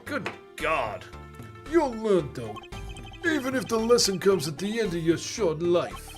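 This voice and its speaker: Streamer doing a low-key scary old mob boss guy, slow and threatening, voice swinging up and down a lot, game voice. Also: big pitch swings, soft background music. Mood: ominous. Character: gruff old male mob boss, menacing.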